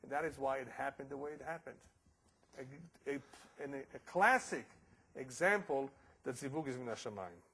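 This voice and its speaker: Rabbi guy giving a torah class, storytelling, husky voice. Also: mid-range voice, moderate pace, pushed and bright, poor audio. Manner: storytelling, sprinkles in Hebrew and Yiddish terms. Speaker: rabbi and lecturer. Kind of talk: religious lecture with storytelling.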